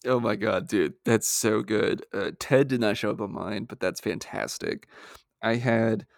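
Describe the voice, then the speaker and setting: A man's voice: lowish voice, steady tone, a little slow, creaky, no room sound, studio quality. A man co-hosting a casual chat about a film, laid-back, laughing often and swearing casually. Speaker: podcast co-host.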